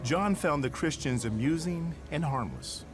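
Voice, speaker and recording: A man reading the scripted narration of a documentary in a measured storytelling voice. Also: fairly high pitch, animated, over music.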